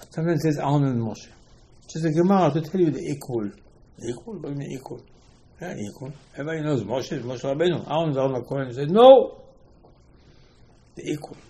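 A man's voice: medium pitch, warm tone, poor audio. Man giving a rambling religious talk. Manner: rambling, repeats words, asks and answers himself; non-native English grammar. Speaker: religious teacher. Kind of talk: informal religious lecture.

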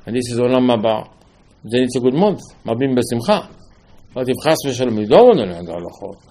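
Gravelly emphatic male rabbi. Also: medium pitch, mellow. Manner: emphatic, rhetorical questions, acts out dialogue. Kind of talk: Torah lecture.

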